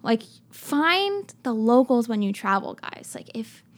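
A woman's voice: fairly high pitch, big pitch swings, measured pace. A young woman telling travel stories to her viewers in a chatty, filler-heavy way. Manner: chatty, many fillers, addresses viewers directly. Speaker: travel vlogger. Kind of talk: casual travel storytelling.

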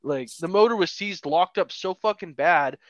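A man's voice: high voice, normal speed, dry recording, lo-fi sound. A man on a podcast telling a long story in a casual, rambling way with lots of swearing. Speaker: podcast co-host.

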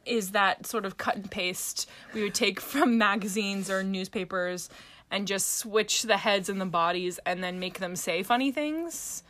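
Slow-talking bright woman who laughs a lot. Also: medium pitch, slight background noise. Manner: laughs often, relaxed and teasing. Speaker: podcast co-host. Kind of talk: casual chat.

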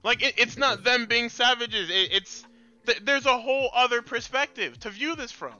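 A man's voice: extremely high pitch, moderate pace, highs cut off, soft background music. A man co-hosting a casual gaming chat stream, arguing his point with lots of swearing. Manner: profane, animated arguing. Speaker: podcast co-host.

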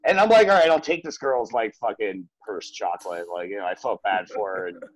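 A man's voice: fairly low pitch, a little fast, poor audio. A man telling a story in casual chat, full of fillers and swearing, acting out what others said. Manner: animated, swearing, many fillers, acts out voices.

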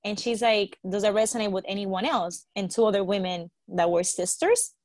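Casting: woman, chatty storyteller, mid pitch, dry close mic. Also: normal speed, no room sound. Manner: animated storyteller, quotes others, swears, laughs. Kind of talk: casual storytelling chat.

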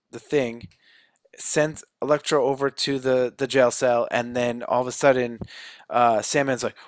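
A man recaps a film in a relaxed, casual chat. He tells it loosely with fillers. The sound is dry and close, with no room echo. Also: mid-range voice. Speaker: movie recap co-host.

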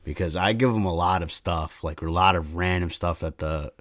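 A man chatting casually, giving relaxed, matter-of-fact advice. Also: sits low, moderate pace, no room sound, studio quality. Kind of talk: casual chat.

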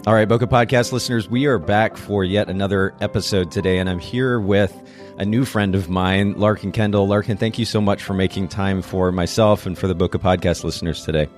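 A man's voice: sits low, fairly even intonation, brisk, faint music behind. A man hosting a podcast interview, talking in an effusive, casual way with frequent restarts. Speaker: podcast host.

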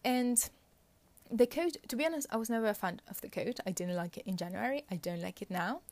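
A woman's voice: on the high side, lively intonation, a little fast, a little mellow, no room sound. A woman giving casual, opinionated commentary on royal fashion, chatty with frequent fillers and little laughs.

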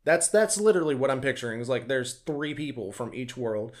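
A man co-hosting a casual podcast chat, animated and acting out quoted reactions. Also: mid-range voice, a little fast. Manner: animated, acts out quoted voices. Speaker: podcast co-host.

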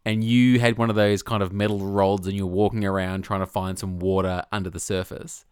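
A man's voice: sits low, level tone, a little fast, darkish tone, clear, resonant tone, no echo, clean studio sound. A man in his thirties with an Australian accent, co-hosting a podcast in a joking, laid-back way. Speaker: podcast co-host. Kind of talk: casual chat.

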